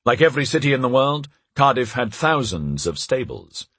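A male audiobook narrator tells the story with a husky edge to his voice. His pitch moves expressively through each sentence, and he shifts only lightly for the characters' quoted lines. The recording is dry and close, with no room sound. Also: big pitch swings, normal speed, fairly bright tone, no room sound. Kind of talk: scripted narration.

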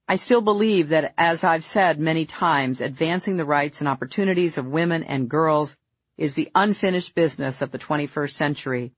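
A woman reading her own memoir aloud in a measured, earnest, reflective way. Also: sits low, no echo, lo-fi sound. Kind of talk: memoir audiobook narration.

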